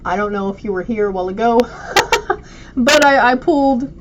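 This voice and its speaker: Addressing her viewers affectionately, an oracle card reader does a casual spiritual reading at a moderate pace in a voice on the high side. There's a little hiss or hum on the dull, lo-fi audio.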